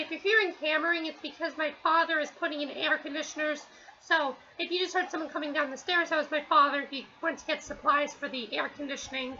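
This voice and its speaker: A woman's voice: very high-pitched, bright, forceful tone, dull audio, a little hiss or hum. A woman giving a casual, rambling spoken review at home, with many fillers and restarts. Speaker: TV episode reviewer.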